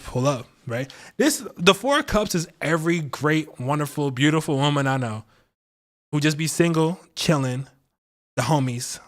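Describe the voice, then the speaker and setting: Playful slangy man streaming tarot. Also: on the high side. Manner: playful, slangy, laughs often. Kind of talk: casual livestream tarot talk.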